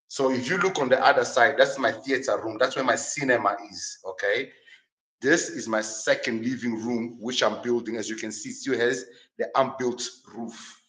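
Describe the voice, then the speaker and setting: A man's voice: mid-range voice, a bit bright. A man from Angola, indignant and heated, giving a live-stream tour of his house while swearing and repeating himself. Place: walking through his house.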